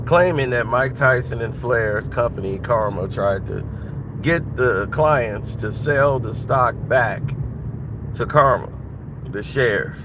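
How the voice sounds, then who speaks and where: A man's voice: mid-range voice, slow. A man giving blunt, mocking casual commentary while driving. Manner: blunt, mocking, laughs at his own jokes. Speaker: vlogger. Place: inside a car, driving. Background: faint car and road noise.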